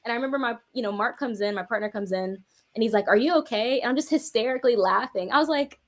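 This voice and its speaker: A young adult woman, a guest music artist in a casual interview, telling her story with lively animation. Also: on the high side, fast talker.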